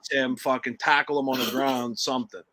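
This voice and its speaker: A man's voice: mid-range voice, steady tone, fairly quick, bright, forceful tone, slight background noise, rough recording. A boisterous man co-hosting a podcast, telling crude stories and laughing often. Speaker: podcast co-host. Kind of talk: casual profane storytelling chat.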